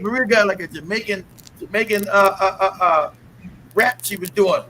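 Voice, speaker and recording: A man's voice: sits high, normal speed, a loud crowd, rough recording. A man hosting a casual live talk show, joking and teasing with lots of laughter.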